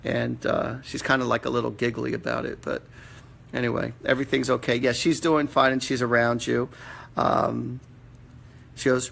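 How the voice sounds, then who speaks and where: A man's voice: mid-range voice, flat delivery, moderate pace, creaky, a bit bright. A man hosting a live-stream session, giving casual, blunt readings with some mild swearing. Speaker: psychic medium host. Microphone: computer or phone mic on a live stream.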